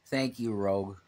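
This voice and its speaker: A man's voice: on the low side, vocal fry, darkish tone. A man co-hosting a casual livestream, rambling, swearing freely and reading chat comments aloud. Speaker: livestream co-host.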